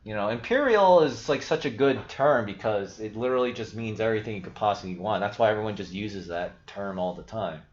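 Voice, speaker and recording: A man with a low voice that swings widely in pitch, chatting on a livestream. He rambles and thinks aloud, cutting himself off mid-word and dropping casual swears. His audio sounds dull and lo-fi in an echoey room. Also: animated, fairly quick, few pauses. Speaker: livestream host.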